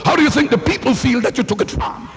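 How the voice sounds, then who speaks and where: A man preaching a sermon in a church, swinging into shouted lines and calling for responses from the congregation. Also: very high-pitched, expressive, fast talker. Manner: fiery, rising to shouts, call-and-response. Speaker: pastor. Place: church sanctuary. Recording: hall reverb, faint hum.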